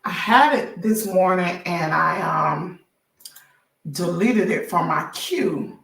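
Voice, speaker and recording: A woman with a hoarse, bright, sharp-edged voice chats casually through a gossip livestream, calling out to her viewers as she goes. She sits a little back from the mic. The room around her rings with echo. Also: on the low side, lively intonation, slow pace, distant mic. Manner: chatty, addresses viewers directly as y'all. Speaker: celebrity gossip livestream host.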